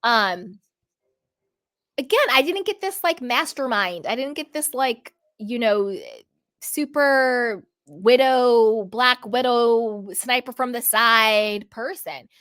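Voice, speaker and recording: Woman, higher voice, sassy and animated, casual reality-TV recap. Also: takes it slowly. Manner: sassy, animated, mimics people in quotes. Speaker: host.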